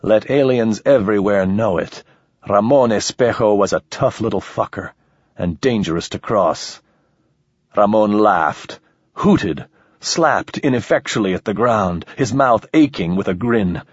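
A man with a low, husky voice reads an audiobook in a steady, measured way. The sound is dry and close, with a slightly dull, muffled top end. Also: no room sound. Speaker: audiobook narrator. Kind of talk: scripted narration.

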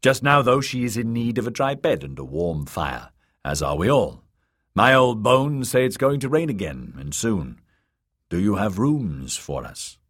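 A man's voice: lowish voice, big pitch swings, a little slow, a bit bright, dry recording, studio quality, pitched above the performer's own voice, full character voice. Man voicing a kindly old holy man. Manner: kindly, soothing. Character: gentle older male holy man. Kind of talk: audiobook character voice.

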